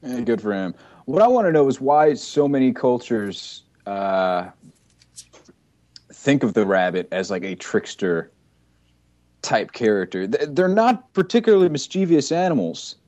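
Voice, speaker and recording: Brief: a man with an animated voice, quick wisecracks and doubt in casual conversation. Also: mid-range voice. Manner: joking, skeptical interjections. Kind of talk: casual chat.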